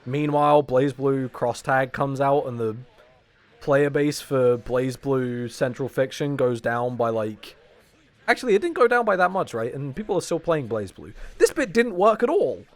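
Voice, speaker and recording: A man in his twenties chatting casually on a stream, joking and swearing as he rambles, his voice strained and tired. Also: mid-range voice. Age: 20s. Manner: rambling, jokey, swears often. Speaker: fighting game podcast co-host.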